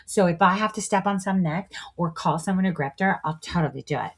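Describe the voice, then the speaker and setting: A woman's voice: lowish voice, brisk, breathy edge. Woman voicing a smug self-justifying turncoat. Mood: self-righteous. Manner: defensive, self-righteous rationalizing.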